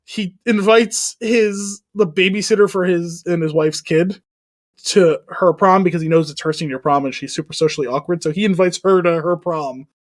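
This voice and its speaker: A man's voice: sits high, normal speed. A man co-hosting a podcast, casually retelling a comedy scene, acting out the lines and laughing often. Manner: animated storyteller, acts out lines, laughs often. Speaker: podcast co-host.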